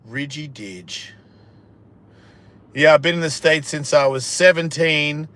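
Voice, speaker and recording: A man's voice: fairly even intonation, normal speed, a bit bright, clear, resonant tone. Blunt, profane man in his fifties. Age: 50s. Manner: profane, blunt, jokey, drops into a low mumble. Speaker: live stream host. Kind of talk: rambling casual chat reading viewer comments.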